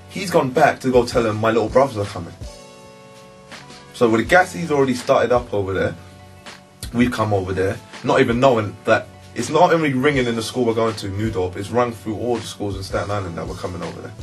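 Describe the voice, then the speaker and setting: A young man with a London accent telling a story in a relaxed, slangy way. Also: fairly low pitch. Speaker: interviewee. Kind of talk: casual storytelling.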